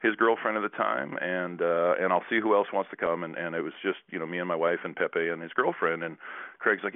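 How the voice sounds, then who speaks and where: A very deep-voiced man tells a rambling story at a quick clip, stopping to restart and act out what others said. His voice comes through a tinny, phone-like line with no room sound at all. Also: fairly even intonation, no echo. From Canada. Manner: rambling anecdotes with many restarts and acted-out quotes. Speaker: guest, former basketball player. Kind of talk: casual storytelling.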